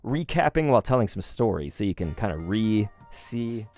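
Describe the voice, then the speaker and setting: A man's voice: on the low side, very animated, moderate pace, darkish tone, soft background music. A man hosting a card-opening vlog, telling a story casually with lots of fillers and casual swearing. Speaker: YouTube card-opening host.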